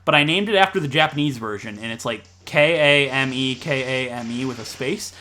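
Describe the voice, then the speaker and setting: A man from Ohio with a Midwestern American accent, rambling and joking fast through casual gameplay commentary. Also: medium pitch, bright, forceful tone, slight background noise. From Ohio, USA. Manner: fast-talking, rambling, jokey. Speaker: let's play commentator.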